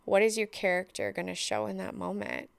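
A woman's voice: mid-range voice, big pitch swings, a little fast, gravelly, clear, resonant tone, dry recording. A woman hosting a solo podcast, talking in a reflective, earnest way and thinking aloud with fillers. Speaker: podcast host.

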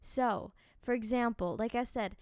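A woman hosting a casual podcast, chatty and animated, giving singing advice with a slightly dry voice from little sleep. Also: fairly high pitch, clear, resonant tone, no room sound. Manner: animated, chatty, quick asides and filler words. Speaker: podcast host and singing teacher.

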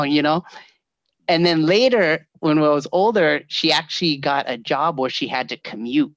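A man telling family stories in casual chat, animated and quick to laugh, acting out the voices of the people in them. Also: on the high side, no room sound. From California. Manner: animated storyteller, laughs often, acts out voices.

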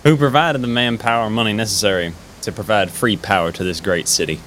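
A man's voice: fairly low pitch, quick pace, a bit bright, slight background noise, lightly acted. A man putting on a pompous small-town mayor. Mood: grandiose. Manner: speechifying in a half-formed put-on accent.

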